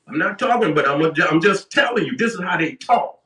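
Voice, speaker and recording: A man's voice: high voice, lively intonation, a little fast, sharp tone, echoey room, distant mic. A man on a livestream in a heated, profane, confrontational rant, often repeating himself.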